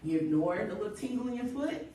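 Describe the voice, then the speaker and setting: A woman grief counselor leading a church workshop, talking in a lively way and acting out quick everyday quotes. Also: on the high side, a little hiss or hum. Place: church hall. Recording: echoey room, voice from far off.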